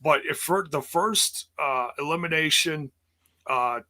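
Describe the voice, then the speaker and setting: A man's voice: a little high, a little slow, pushed and bright. A man co-hosting a podcast, chatting casually, amused and a little rambling. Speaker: podcast co-host. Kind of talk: casual review chat.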